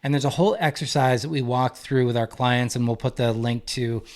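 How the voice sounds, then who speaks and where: A man's voice: mid-range voice, a little fast. Earnest man teaching on a faith podcast. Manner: earnest, emphatic, repeats key phrases. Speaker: marriage coach and podcast co-host. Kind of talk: faith-based teaching talk.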